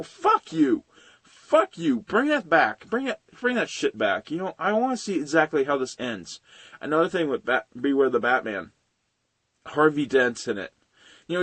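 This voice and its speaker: A young man reviewing animated films in a profane, ranting style, swearing often and venting at studios. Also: mid-range voice, no echo. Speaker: video reviewer.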